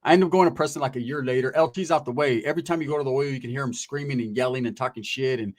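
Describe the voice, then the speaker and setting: A man's voice: medium pitch, rapid-fire. A man casually telling prison stories in profane, streetwise slang, acting out the voices of people he quotes. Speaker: guest recounting prison stories. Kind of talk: casual storytelling.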